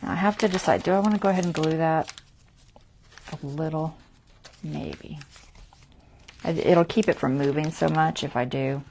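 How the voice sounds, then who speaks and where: A woman's voice: deep voice, normal speed, long pauses, a little mellow, slight background noise. A woman hosting a casual craft tutorial livestream, chatty and self-deprecating, talking herself through each step and muttering half-whispered asides.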